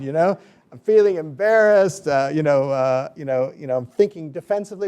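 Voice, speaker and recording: A middle-aged man giving a book talk, telling an anecdote in a lively way and acting out the people he quotes. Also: fairly high pitch, fairly quick, smooth. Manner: animated storyteller, acts out quoted voices. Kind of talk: storytelling lecture.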